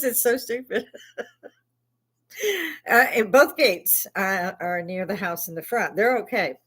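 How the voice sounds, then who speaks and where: A middle-aged woman from Chicago, an Army veteran hosting her own channel, talking casually in a blunt, profane rant and laughing often between complaints. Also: on the low side. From Chicago, USA. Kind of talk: casual ranting livestream chat.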